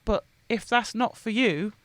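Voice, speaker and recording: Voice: medium pitch, unhurried, a bit bright, no echo. Blunt shop owner guest, swears casually, dry close recording. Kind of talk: casual conversational interview.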